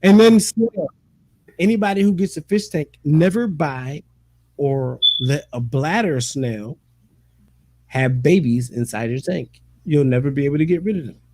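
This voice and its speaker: A man's voice: on the high side, measured pace, mellow, no echo. A man hosting a casual chat, telling stories animatedly with lots of profane slang and frequent laughter. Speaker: podcast host.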